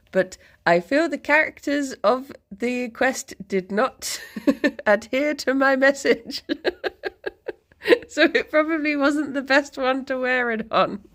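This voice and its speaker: Giggly, chatty young English woman. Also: a little high. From England, near London. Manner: chatty and giggly, drifting off mid-thought. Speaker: streamer. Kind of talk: casual chat with viewers.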